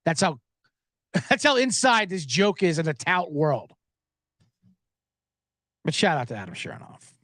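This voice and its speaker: Animated high-voiced male podcast host. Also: measured pace, long pauses, dry recording, clean studio sound. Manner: rambling, joking, gets worked up. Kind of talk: casual sports betting podcast.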